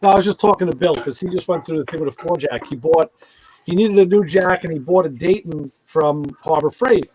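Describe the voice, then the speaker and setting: A man's voice: fairly high pitch, brisk, slight background noise, low-quality recording. A middle-aged man telling a long anecdote in casual chat, acting out the voices of the people in it. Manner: animated storyteller who acts out quoted voices.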